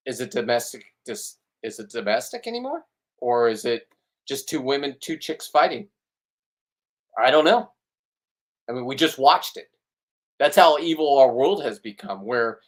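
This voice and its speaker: A middle-aged man rants to his viewers in a blunt, rambling vlog monologue. He sounds riled up and keeps restarting his sentences. His voice sits at an ordinary middle pitch. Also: fairly bright tone. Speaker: vlogger. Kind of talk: ranting casual monologue to camera.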